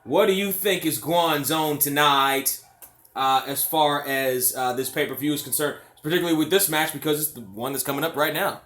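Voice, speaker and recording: A man giving casual live-stream commentary, excitable and profane, chatting to his viewers. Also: on the high side, normal speed. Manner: excitable, profane, talks to chat. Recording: roomy echo.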